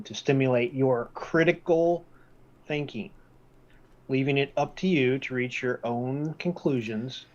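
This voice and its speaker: A man walks through a document section by section at a measured, deliberate pace. He slows down to repeat his key points for emphasis. The audio is slightly dull and lo-fi. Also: mid-range voice. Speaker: presenter. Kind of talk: reading-based presentation.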